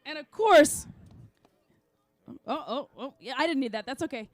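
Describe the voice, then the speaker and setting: A woman's voice: high-pitched, animated, normal speed, no echo. A woman announcing a race podium, bubbly and joking, laughing often as she interviews the riders.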